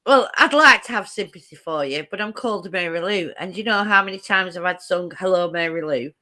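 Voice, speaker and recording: A woman's voice: on the low side, brisk, pushed and bright. A woman co-hosting a casual live chat stream, playful and jokey, slipping into bits of songs. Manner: playful, jokey, breaks into song lines.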